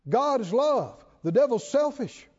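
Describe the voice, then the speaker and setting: A man delivers a sermon with a high, swinging voice and a warm, mellow tone. His delivery is emphatic, with slow, stretched stresses and the occasional chuckle. The sound is dull and lo-fi, with a long reverb tail from a large hall. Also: very animated, husky. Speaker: preacher.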